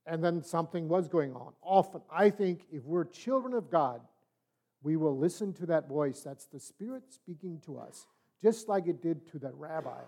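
A man's voice: on the high side, lively intonation, moderate pace, dark tone. Folksy older man teaching a Bible study. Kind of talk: sermon-style storytelling and teaching.

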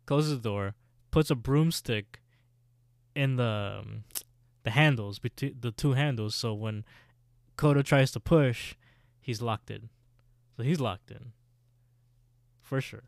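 A man's voice: medium pitch, takes it slowly, gravelly, long pauses, no echo, studio quality. A man casually recapping a TV episode as a podcast co-host, telling the story in a laid-back way.

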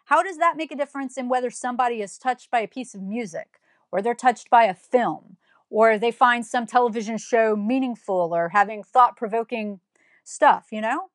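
Her slightly high voice moves at normal speed as she gives a blunt, scolding opinion monologue, emphatic and full of rhetorical questions. She's a commentator captured in a dry, studio-quality recording.

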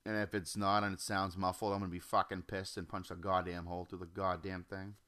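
Young male podcast host, solo rant at home, crisp voice, constant cursing, drifts off topic. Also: sits low, little pitch movement, brisk, bright, forceful tone. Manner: profane, rambling, jumps off topic. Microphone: home computer or desk mic.

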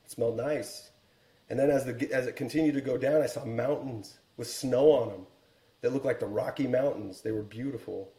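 A man in his forties tells a story as a podcast guest, earnest and reflective, pausing to restart his thoughts. His voice is mellow and warm, and the room around him has a noticeable echo. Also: mid-range voice. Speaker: guest, Air Force helicopter pilot and author.

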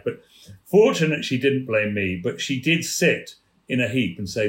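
A man from England spins theatre stories with relish, slipping into the voices of the people he quotes. He has a mid-pitched voice, and the room around him gives it a noticeable echo. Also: moderate pace. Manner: lively raconteur, acts out quoted voices. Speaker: podcast guest, former theatre manager. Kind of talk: anecdotal storytelling. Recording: roomy echo.

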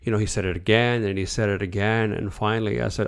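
Gravelly Canadian man telling stories. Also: on the low side, fast. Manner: animated, acts out dialogue. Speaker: podcast host. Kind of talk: casual storytelling.

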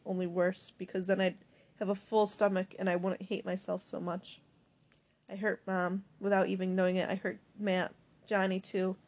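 A woman's voice: mid-range voice, a little mellow. A woman narrating a first-person audiobook in an emotional, confessional diary-like reading.

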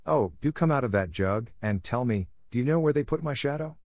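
A man reading aloud puts on a cocky, boastful boy from a storybook, his voice pushed up higher than a grown man's. He talks brusquely, sure of his own cleverness, in a close, dry sound with no room around it. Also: animated, a little fast, a little mellow, dry recording. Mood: coaxing. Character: cocky boy who never grows up.

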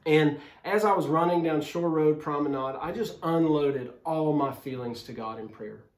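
Earnest pastor preaching in an echoey room. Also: male voice, a little high, normal speed. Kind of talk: sermon. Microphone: phone camera. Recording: roomy echo.

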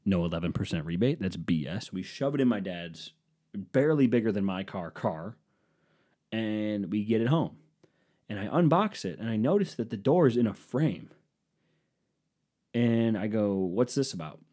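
A man's voice: fairly low pitch, animated, moderate pace, pauses often, mellow. A man telling a comic personal story in a rambling, profane, self-deprecating way. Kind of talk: casual comedic storytelling.

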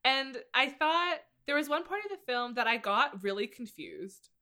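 A woman's voice: high voice, lively intonation, moderate pace, sharp tone. A woman talking casually about a film, rambling and full of fillers. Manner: rambling, filler-heavy retelling. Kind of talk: casual movie discussion.

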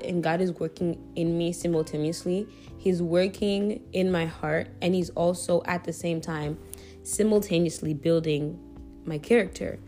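A young adult woman hosting a Christian podcast in a relaxed, chatty way, with many fillers and self-corrections. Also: lowish voice. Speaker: podcast host. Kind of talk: casual faith podcast chat.

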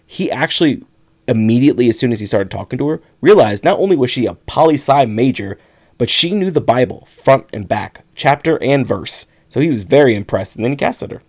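Lively man recapping a film. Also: medium pitch, brisk. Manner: animated retelling with laughs and acted quotes. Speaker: podcast co-host. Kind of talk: casual chat recapping a film.

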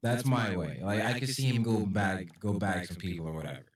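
A man's voice: low voice, brisk, recorded from a distance. A man co-hosting a casual podcast chat who acts out what people say as he tells stories. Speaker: podcast co-host. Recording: echoey room, off the mic.

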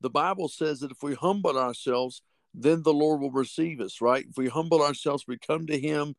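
With fervent conviction, a podcast preacher works through the Bible, reading passages slowly and repeating the important phrases. He sounds on the high side and creaky, with no room sound.

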